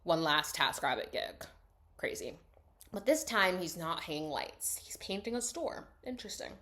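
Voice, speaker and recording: A young woman casually recapping a film plot, chatty and full of "like", swinging between excited bursts and hushed asides. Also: fairly low pitch, moderate pace.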